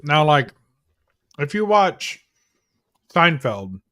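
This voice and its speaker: A man's voice: on the high side, very animated, extremely slow, fairly bright tone. A man from New York on a video call panel, making dry, wry remarks in an easygoing chat. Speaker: panel guest. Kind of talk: casual chat.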